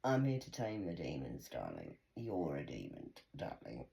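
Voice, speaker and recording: A woman vlogger talks straight to her viewers in a loose, rambling monologue, cursing freely. Her pitch swings widely up and down as she goes, and she smokes while she speaks. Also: very animated, moderate pace, dark tone. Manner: swears freely, blunt and rambling.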